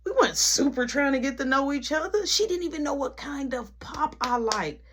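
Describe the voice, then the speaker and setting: A person telling a dramatic personal story in casual, slangy speech full of asides. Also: female voice, high-pitched, brisk. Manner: slangy, animated retelling with many asides.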